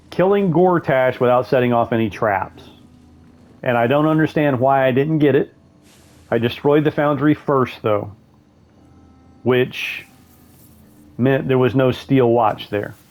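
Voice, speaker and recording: A man talks through his gameplay in a casual, rambling way, thinking out loud and correcting himself mid-sentence. His voice sits at a middling pitch. It is an unpolished, everyday commentary. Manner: rambling, thinks aloud with fillers and self-corrections. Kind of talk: casual let's-play commentary.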